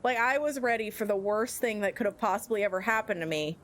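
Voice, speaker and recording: A woman's voice: medium pitch, fast, slight background noise. An American woman streaming a game, laughing constantly and swearing as she comments. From United States. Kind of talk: live gameplay commentary.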